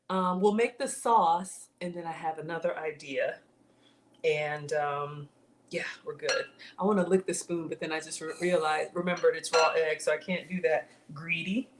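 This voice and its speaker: An African-born woman raised in the US South hosts a casual cooking live stream from her home kitchen, speaking with a slight Southern drawl. Her voice is fairly low and unhurried as she chats with viewers and laughs often. Background noise can be heard.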